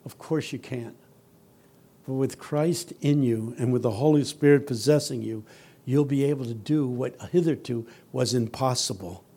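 A man giving a sermon as a guest preacher, telling humorous stories that build from quiet, earnest passages to loud, shouting ones. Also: medium pitch. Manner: humorous, teasing the audience.

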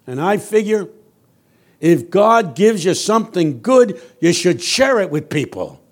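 A man voicing a scruffy, generous homeless man who talks loudly and eagerly. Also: big pitch swings, unhurried, exaggerated voice. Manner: loud, high-pitched, shouting.

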